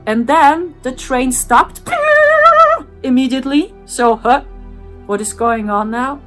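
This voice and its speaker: A woman's voice: sits high, a little slow, faint music behind. A woman, an English speaker, earnestly recounts a strange personal experience and repeats sound effects. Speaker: spiritual channel host. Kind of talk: personal storytelling.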